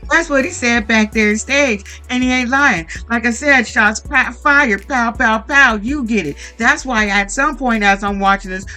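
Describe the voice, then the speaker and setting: A reality TV recap commentator giving a blunt, profane, animated monologue that acts out quoted lines. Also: mid-range voice, measured pace, hardly any pauses, faint music behind.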